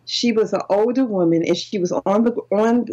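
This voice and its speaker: An older woman, a podcast guest, telling personal stories in an animated way, laughing often and acting out her own reactions. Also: mid-range voice, moderate pace, dull audio, a crowd in the background. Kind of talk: casual storytelling interview.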